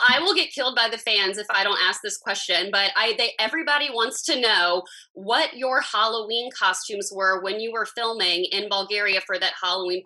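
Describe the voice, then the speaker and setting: A woman's voice: medium pitch, pushed and bright, breathy edge, rough recording. A young woman interviewing film stars, gushing and chatty with lots of "like" and "you know". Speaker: entertainment interviewer. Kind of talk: enthusiastic interview questions.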